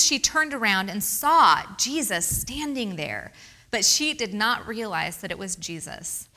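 A woman preaching a sermon, reading scripture aloud and asking the congregation questions in an expressive way. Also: on the high side. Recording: reverberant hall.

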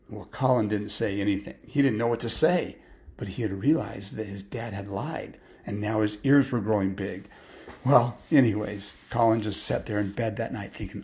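A man's voice: mid-range voice, a little fast, mellow. A man telling a story casually, rambling and stringing clauses together with "and" and "well.".

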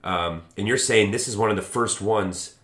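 Low-voiced guy joking around on a beer podcast, roomy echoey sound. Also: normal speed. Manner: relaxed, joking banter. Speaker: podcast co-host. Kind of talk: casual beer-tasting chat. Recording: echoey room.

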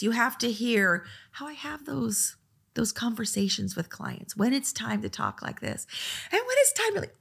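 A woman who teaches a design course, talking casually about what her lessons cover, with lively acted asides. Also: mid-range voice. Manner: chatty, restarts often, lively acted asides. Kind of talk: casual talk to camera.

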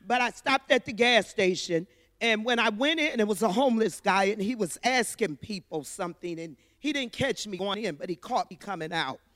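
A woman's voice: mid-range voice, expressive, normal speed, a bit bright, no room sound, studio quality, long reverb tail. A woman sharing a personal testimony at church, telling her story earnestly and from the heart.

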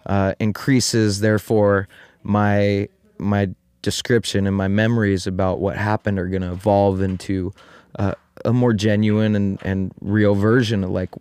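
A podcast host telling a story in casual chat, rambling and full of fillers, with some casual swearing. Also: male voice, on the low side, little pitch movement, unhurried, darkish tone, clear, resonant tone, no echo. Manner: rambling, heavy on "like" and "you know", casual swearing.

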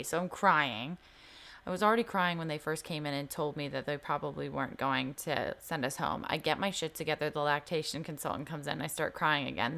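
A woman's voice: low-pitched, creaky, fairly bright tone. A young woman telling a personal story in casual podcast chat, candid and swearing freely, full of "like" fillers. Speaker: podcast co-host.

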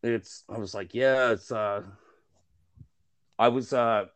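A man's voice: mid-range voice, fairly even intonation, slow. A man chatting casually on a podcast, telling self-mocking jokes in a rambling, profane way full of restarts. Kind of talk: casual chat.

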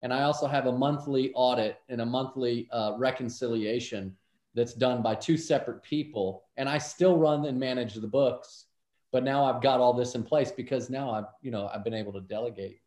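A man's voice: mid-range voice, moderate pace. A middle-aged man telling a story as a guest in a casual interview, acting out the voices of the people in it. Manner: animated storyteller, acts out voices. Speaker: podcast guest, businessman. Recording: roomy echo.

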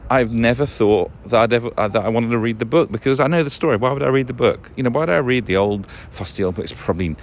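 A man's voice: mid-range voice, slight background noise. A man talking casually and at length on his own, often losing a word, correcting himself and swearing. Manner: rambling, swears, loses words, self-corrects; chuckles often. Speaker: podcast host. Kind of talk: rambling casual monologue.

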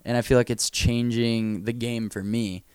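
A man interviewing a guest in a casual chat, easygoing and quick to joke or agree. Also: mid-range voice, flat delivery, darkish tone, clean tone, dry recording. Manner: easygoing, joking, eager to agree.

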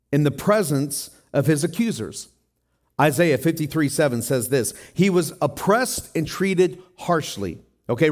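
A middle-aged man gives a sermon in a church, talking to his congregation in a chatty, conversational way. His voice sits a little on the higher side, and he often checks in with his listeners by asking them questions. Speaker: pastor.

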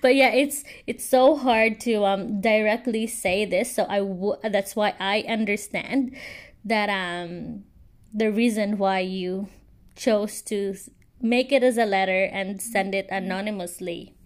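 Soft-spoken young woman, slow and hesitant. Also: mid-range voice, fairly even intonation. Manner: hesitant, many fillers. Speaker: podcast host. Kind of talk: reading a listener's letter aloud.

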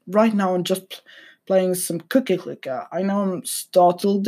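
A young man rambling casually at his computer, hesitant, with dry deadpan humor. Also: high voice, measured pace, slightly rough. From Sweden. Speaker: vlogger. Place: at a computer desk. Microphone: computer mic.

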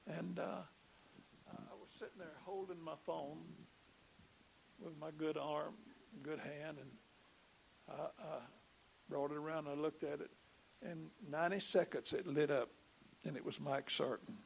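A man's voice: a little high, fairly even intonation, a little slow, pauses often, slight background noise. An older man, telling a testimony in a sermon and stammering as he repeats his words. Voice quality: gravelly. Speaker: preacher.

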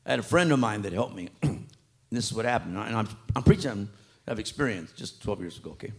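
A man preaching a sermon in a church, animated and acting out street talk. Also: on the low side, brisk, creaky.

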